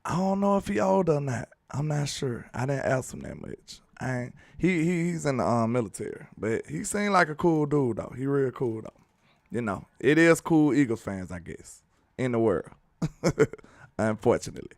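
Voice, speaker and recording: A man's voice: medium pitch, expressive, normal speed, gravelly, a little mellow, dry recording, studio quality. A young man hosting a casual sports chat, laid-back, laughing often and using dialect slang. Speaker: sports show host.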